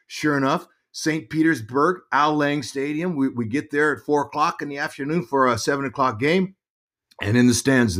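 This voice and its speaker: Middle-aged male ex-athlete guest, animated raconteur, stumbles and repeats words, mid-pitched voice. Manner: animated storyteller, repeats words while thinking. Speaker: guest, former pro baseball player and broadcaster. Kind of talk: casual interview storytelling.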